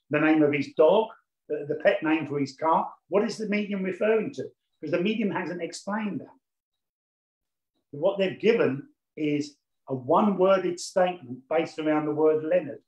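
A man's voice: fairly high pitch, echoey room, rough recording. A man teaching a class on mediumship, explaining his points patiently and repeating key phrases for emphasis. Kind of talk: lecture on mediumship.

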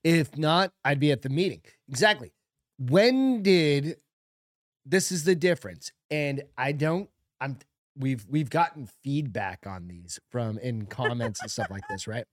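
A man's voice: medium pitch, measured pace, no echo, clean studio sound. A man in his forties co-hosting a podcast, talking bluntly and with lots of swearing in casual chat. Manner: blunt, profane, animated. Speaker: podcast co-host.

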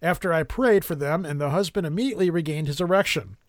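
A man's voice: a little high, fast, dry recording, studio quality. A man hosting a paranormal podcast, reading news articles aloud with stumbles and self-mocking asides.

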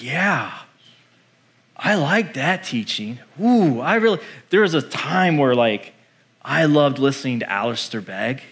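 A male pastor preaching a sermon in an animated, conversational way, acting out the voices he quotes. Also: fairly high pitch.

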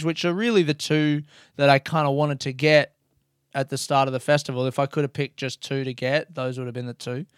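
Excitable rambling man, smooth voice. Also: a little high, dry recording, studio quality. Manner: rambling, excitable, swears freely. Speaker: podcast host and comedian. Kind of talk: casual solo podcast monologue.

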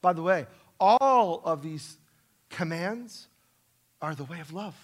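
A middle-aged man preaching a sermon in a church, emphatic and self-deprecating, swinging from loud stresses to soft asides. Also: fairly high pitch, expressive, slow pace. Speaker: pastor. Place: church sanctuary.

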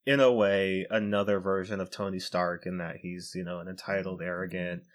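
A man's voice: low voice, little pitch movement, a little fast. A man hosting a casual podcast discussion, building his points steadily and checking in with "right?".

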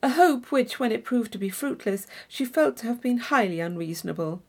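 A woman reading a classic novel aloud as an audiobook narrator, measured and even. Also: a little high. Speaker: audiobook reader. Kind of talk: scripted narration.

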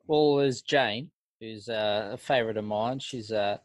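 A man's voice: fairly low pitch, unhurried, no room sound. A man co-hosting a podcast in casual, blunt, slangy banter. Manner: laid-back, blunt, slangy. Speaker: podcast co-host.

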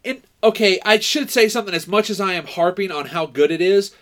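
A man co-hosting a podcast, chatting casually about a movie, animated and rambling, with frequent swearing. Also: high voice, a little fast. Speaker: podcast co-host.

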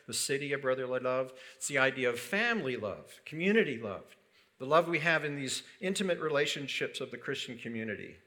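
A man's voice: mid-range voice, pushed and bright. A man preaching a sermon in a conversational way, asking rhetorical questions and adding light humor. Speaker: pastor.

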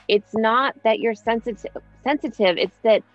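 Woman podcast co-host, higher voice, blunt and sweary, sound a bit muffled, faint music. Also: normal speed, no echo. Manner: reactive, blunt, swears freely. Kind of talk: casual chat.

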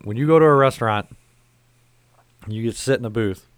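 A man's voice: mid-range voice, a little fast, smooth, no room sound. A middle-aged man hosting a casual podcast, rambling and exasperated, swearing a lot as he tells stories. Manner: rambling, profane, exasperated storytelling. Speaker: podcast host. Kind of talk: casual profane podcast chat.

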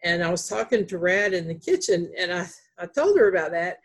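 A woman's voice: on the low side, expressive, brisk, husky. Southern lady writer from north carolina, chatty and rambly, lots of ums and restarts. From Greensboro, North Carolina. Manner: rambling, many fillers and restarts. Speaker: author. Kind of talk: casual storytelling chat.

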